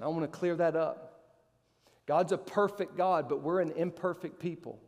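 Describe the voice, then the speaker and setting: Pastor, male, high tenor preacher; emphatic delivery, sharp jumps on questions; long hall reverb. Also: normal speed. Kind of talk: sermon.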